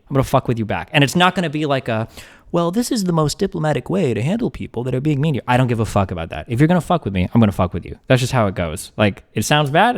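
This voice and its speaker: Male streamer, rapid and profane, casual commentary. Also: medium pitch. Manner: fast, profane, reads messages aloud.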